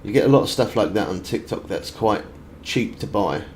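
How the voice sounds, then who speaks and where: A man's voice: fairly low pitch, lively intonation, normal speed, slight background noise. A British man from the UK streaming a fishing game, chatting casually and answering viewer comments as he plays. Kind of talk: casual live-stream chat.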